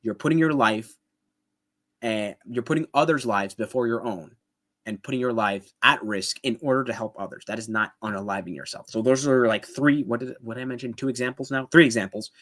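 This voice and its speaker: A man's voice: medium pitch, a little fast, fairly bright tone. Casual man explaining his argument. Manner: explains step by step, often checks in with "right?"; conversational, with restarts and fillers. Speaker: apologetics video host. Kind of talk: casual commentary responding to a debate clip.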